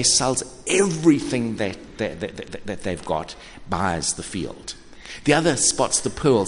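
A man in his sixties preaching a sermon, conversational and animated, often restarting his words. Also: medium pitch. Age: 60s. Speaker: pastor. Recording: echoey hall with faint ambience.

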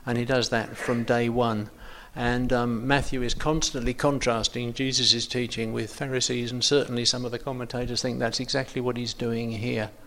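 Man, Bible study leader, hesitant, ums and restarts, gravelly fry. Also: mid-range voice, fairly bright tone. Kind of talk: informal Bible study teaching.

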